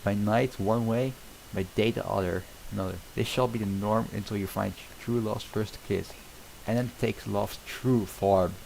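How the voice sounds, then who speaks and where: A man's voice: lowish voice, steady tone, moderate pace, creaky, darkish tone, a little hiss or hum, low-quality recording. A man voicing an earnest young princess under a spell in an amateur script reading. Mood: solemn.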